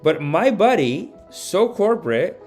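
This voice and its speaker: A man's voice: high voice, big pitch swings, slow pace, a little mellow, faint music behind. A man hosting a comedy live stream, ranting casually in a rambling, profane way into a home mic.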